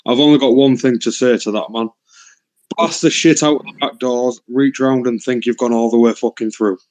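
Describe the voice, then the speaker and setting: A British man joins a loose chat with crude, cheeky humor. His voice sits at a middling pitch, with a laddish manner. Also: steady tone, moderate pace, darkish tone. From United Kingdom. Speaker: guest. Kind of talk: casual chat.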